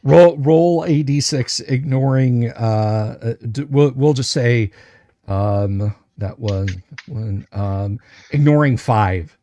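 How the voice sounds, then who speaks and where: A male game master narrates a tabletop livestream slowly and deliberately, describing each item with care. He's hesitant, cycling through many fillers and restarts, and his mid-range voice has a dark tone. The audio is dry and close, with no room sound.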